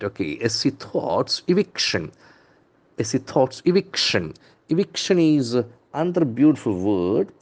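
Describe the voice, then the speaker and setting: A man with an Indian English accent teaching vocabulary from the newspaper, repeating words slowly and spelling out their letters. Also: medium pitch, a little mellow. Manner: enthusiastic, calls words beautiful and brilliant. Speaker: English trainer.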